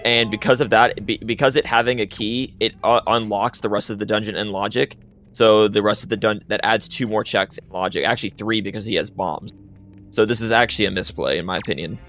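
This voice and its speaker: A man's voice: lowish voice, steady tone, brisk, fairly bright tone, faint music behind. A man commentating a live speedrun race, explaining strategy at length and calling out misplays. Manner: explanatory, opinionated, frequent restarts.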